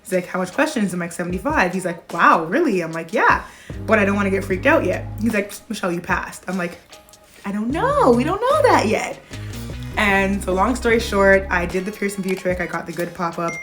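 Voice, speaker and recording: A young woman in her twenties, a pediatric nurse, telling a personal story to camera in a casual, animated way with bursts of laughter. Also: medium pitch, brisk, faint music behind.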